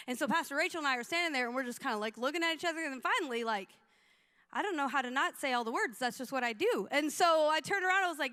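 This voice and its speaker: Bright, animated woman pastor preaching. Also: high voice, fast talker. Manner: animated, comic, acts out quotes. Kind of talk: storytelling sermon.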